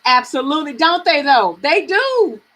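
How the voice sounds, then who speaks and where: A middle-aged woman from the American South talks frankly with viewers on her live reading stream. Her voice sits high and bright, she swears easily and laughs a lot. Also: moderate pace, poor audio. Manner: frank, animated, swearing freely, laughing often.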